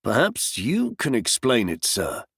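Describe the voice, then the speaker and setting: A man's voice: medium pitch, huge pitch swings, unhurried, vocal fry, fairly bright tone, breathy edge, dry recording, clean studio sound, full character voice. A man reading the lines of a stern, grim male spirit medium in a storybook reading, composed and abrupt. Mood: calm, assured.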